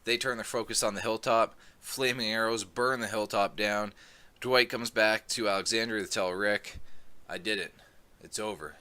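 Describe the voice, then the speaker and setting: A man casually recapping a comic book volume, rambling and filling gaps with "um" as he gets excited about the story. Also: lowish voice, moderate pace, clean tone. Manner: rambling, many "um"s, excitable retelling. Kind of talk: casual plot recap review.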